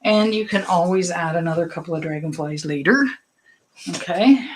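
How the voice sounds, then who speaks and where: This is a woman teaching painting on a casual live stream, her voice sitting a touch lower than most. She chats loosely, filling gaps with ums and likes and wandering into small asides. Her tone stays encouraging throughout. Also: moderate pace, slight background noise, rough recording. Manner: chatty and rambling, with many fillers and asides; reassuring, encouraging. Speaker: painting instructor.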